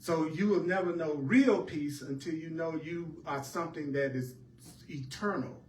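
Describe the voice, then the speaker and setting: A man's voice: fairly high pitch, normal speed, a little hiss or hum. A man teaching a spiritual class, repeating his points with an emphatic, preacher-like cadence. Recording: echoey room heard from a distance.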